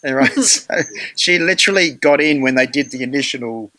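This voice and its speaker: A man's voice: mid-range voice, normal speed, no room sound. Chatty Australian man hosting a meeting. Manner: chatty, animated, many fillers, acts out quoted voices. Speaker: meeting host. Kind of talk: casual storytelling in an online meeting.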